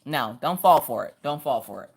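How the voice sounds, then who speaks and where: A woman hosting a casual crafting livestream, telling family stories in a lively, animated way. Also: very deep voice, moderate pace, gravelly, husky. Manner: lively storytelling, acting out family voices. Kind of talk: casual chat while crafting.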